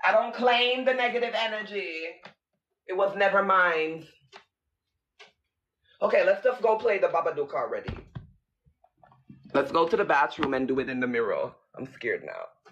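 A fairly high-voiced man livestreaming a spooky ritual and talking straight to his viewers. He sounds jittery and chatty, swearing casually as he goes. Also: expressive, moderate pace, pauses often, fairly bright tone, dull audio, slight background noise.

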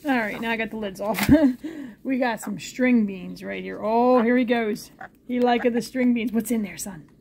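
Filming her parrot at home, a high-voiced woman unboxes new items for it in a relaxed vlog, switching between sing-song baby talk aimed at the bird and calmer explanations for viewers. She speaks at a measured pace with vocal fry, over faint household sounds.

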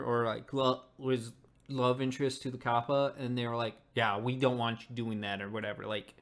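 Rambling casual game reviewer. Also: mid-range voice. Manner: rambling, thinking aloud, frequent "like" and "dang". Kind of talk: casual reaction commentary.

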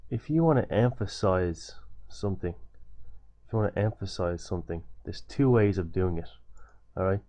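A man's voice: low-pitched, animated, normal speed, mellow. A young man giving a loose, repetitive coding tutorial over a screen recording, with many fillers and restarts.

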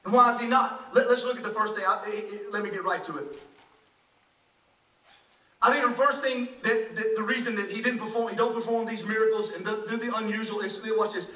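High-voiced, bright preaching man, echoey church. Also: steady tone, fairly quick. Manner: emphatic, repeats words and restarts, rhetorical asides. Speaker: pastor. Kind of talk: sermon. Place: church sanctuary. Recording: echoey church hall, voice picked up from a distance.

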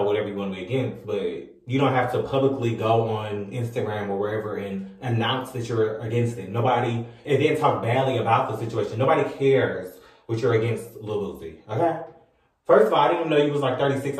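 A sassy man scolds in a mid-pitched voice, piling up rhetorical questions and repeating his put-downs. He sits a little back from the mic, and his voice bounces around a very echoey room. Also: distant mic. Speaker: vlogger. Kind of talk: ranting commentary to camera. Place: room with a ring light and mirror.

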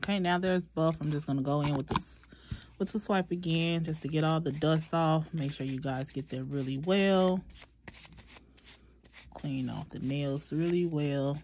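A young woman chatting through a nail tutorial, talking to viewers as "y'all" in a relaxed, chatty way. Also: deep voice, unhurried, a little hiss or hum. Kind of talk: casual tutorial chat.

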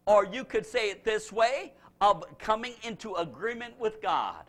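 High-voiced fervent male preacher. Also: lively intonation, measured pace. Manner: emphatic, repeats phrases, swings from shouting to hushed. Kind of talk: fervent revival sermon.

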